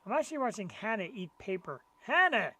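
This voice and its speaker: A man's voice: high-pitched, animated, brisk, fairly bright tone. A middle-aged man co-hosting a live web show, chatting enthusiastically about his collectibles. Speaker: co-host. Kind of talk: casual live-show chat.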